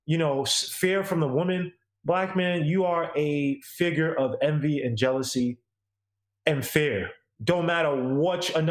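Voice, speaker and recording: During a casual opinion segment, this podcast co-host goes on a slangy, forceful rant, repeating himself for emphasis. His voice is a little high, and the recording is reverberant.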